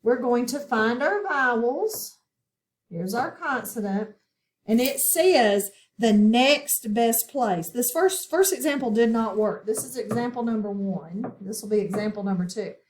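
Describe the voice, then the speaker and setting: Woman teacher, slightly high voice, unhurried, patient questioning phonics lesson. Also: animated. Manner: slow, patient, asks questions and pauses.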